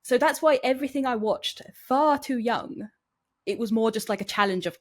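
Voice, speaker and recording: A woman co-hosting a casual film chat, telling lively stories. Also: fairly high pitch, moderate pace. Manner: chatty, animated storyteller. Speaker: film podcast co-host.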